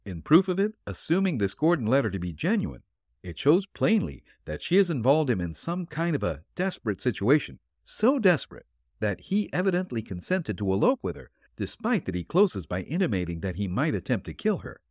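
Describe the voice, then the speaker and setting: Give me an eager, quick-to-wonder young male assistant detective, as a man reads him. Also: medium pitch, sing-song, a little mellow, no echo, clean studio sound, voice pushed up. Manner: questioning, easily surprised.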